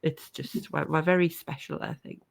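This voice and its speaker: A woman's voice: deep voice, steady tone, moderate pace, creaky. A woman from the North East of England, hosting a podcast interview in a chatty, laughing way. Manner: chatty, laughing, self-deprecating. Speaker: podcast host.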